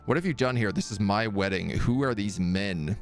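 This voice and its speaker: A man's voice: lowish voice, normal speed, faint music behind, lightly acted. A man voicing a distraught young female ghost bride, a decayed spirit who pleads for help. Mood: indignant. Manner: pleading, distraught, then indignant.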